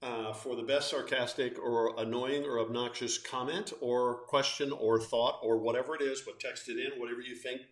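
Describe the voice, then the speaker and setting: A man's voice: medium pitch, fairly even intonation, moderate pace, few pauses, reverberant. A man hosting a casual live-stream chat with his wife, joking and teasing as he talks. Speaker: host.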